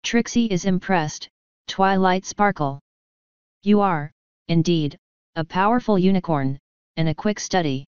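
A woman's voice: lowish voice, a little slow, pauses often, a little mellow, clean tone, no echo, natural voice. A woman voicing a boastful female unicorn showmare who speaks of herself in the third person, in a storybook reading. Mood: haughty. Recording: dull lo-fi dry recording.

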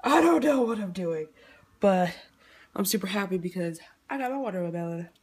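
A woman's voice: mid-range voice, lively intonation, normal speed, husky. A young woman vlogging casually about her day, talking in a chatty way with lots of filler words. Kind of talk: casual vlog chat.

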